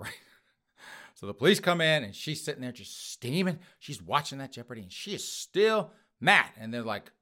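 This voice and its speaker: A man hosting a podcast, telling a comic story in an animated way and calling out to his listeners. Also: mid-range voice, moderate pace. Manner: animated, addresses listeners as folks. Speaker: podcast host.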